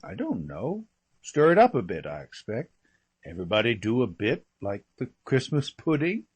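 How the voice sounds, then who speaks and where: Man doing a breezy gossipy young gentleman. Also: mid-range voice, wildly swooping pitch, moderate pace, breathy edge. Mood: gossiping. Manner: rambling, breezy, full of slangy asides. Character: gossipy young English gentleman, chatty and flippant.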